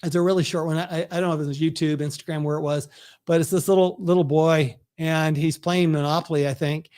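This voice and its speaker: A man's voice: fairly high pitch, steady tone, quick pace, a little mellow. A man hosting the live online launch of his own book, talking earnestly and answering viewers' comments over a video call setup.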